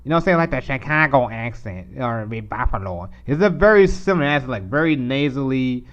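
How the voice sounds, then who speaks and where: A man's voice: medium pitch, lively intonation, brisk, fairly bright tone, lo-fi sound. A man hosting a live stream, commenting in a rambling, casual way over a clip he plays. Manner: rambling, restarts, mocking put-on voices. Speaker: live stream host reacting to videos.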